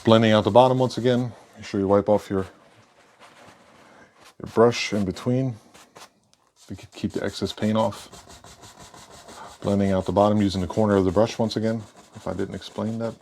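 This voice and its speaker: A man giving a casual painting lesson, relaxed and thinking aloud as he works. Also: fairly low pitch, normal speed, long pauses. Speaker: painting instructor.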